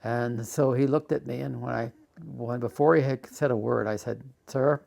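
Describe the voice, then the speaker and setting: An older man telling his life story for a documentary, halting and full of restarts. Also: medium pitch, steady tone, gravelly, a little mellow. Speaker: documentary interviewee. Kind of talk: personal storytelling.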